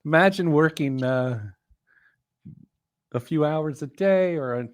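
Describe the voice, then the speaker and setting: A man's voice: fairly high pitch, measured pace, no room sound, studio quality. A middle-aged man co-hosting a podcast, chatting in a jokey, self-mocking way and often breaking into laughter. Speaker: podcast co-host. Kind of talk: casual chat and read-out segment.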